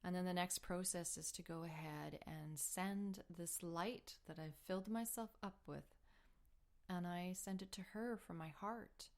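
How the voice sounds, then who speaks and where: A woman hosting a spiritual healing show, telling a personal story in an earnest, heartfelt way, sometimes dropping to a soft whisper. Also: fairly low pitch, a little slow. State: emotional while telling the story. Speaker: spiritual healing podcast host.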